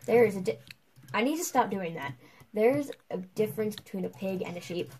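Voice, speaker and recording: A young adult woman chatting casually while playing a game, excitable and quick to poke fun at herself. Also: medium pitch, slight background noise, rough recording. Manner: chatty, excitable, self-mocking. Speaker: gamer. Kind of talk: casual gameplay chat.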